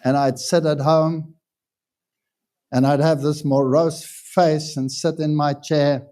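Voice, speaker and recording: A male pastor preaches in a relaxed, anecdotal way and pokes fun at himself as he tells his stories. His voice sits somewhat high, and its tone is soft and mellow. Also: takes it slowly. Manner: conversational storyteller, self-deprecating humor. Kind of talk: anecdotal sermon talk.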